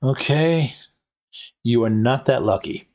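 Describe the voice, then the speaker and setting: A man narrating a tabletop game as game master at a live convention show, halting with many ums and restarts. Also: mid-range voice, darkish tone.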